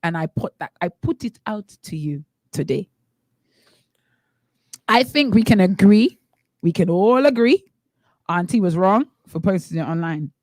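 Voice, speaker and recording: A woman's voice: mid-range voice, a little slow, long pauses, no echo. Emphatic radio co-host woman. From Bahamas. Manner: animated, emphatic, rhetorical questions. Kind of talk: casual opinion chat. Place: radio studio.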